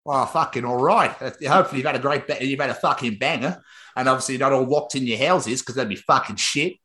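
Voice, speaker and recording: A man's voice: medium pitch, fast, sharp tone. A young man co-hosting a podcast, chatting casually with sweary, giggly banter. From Wales. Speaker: podcast co-host. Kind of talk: casual chat.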